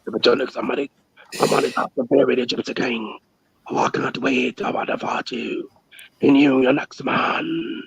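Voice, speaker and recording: A man's voice: mid-range voice, fairly even intonation, moderate pace, creaky, background noise, voice pushed down, close to an everyday voice. Man doing a brash British boxer trash-talking. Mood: taunting. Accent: put-on British. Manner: brash, taunting. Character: boastful male heavyweight boxer trash-talking. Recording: dull lo-fi dry sound.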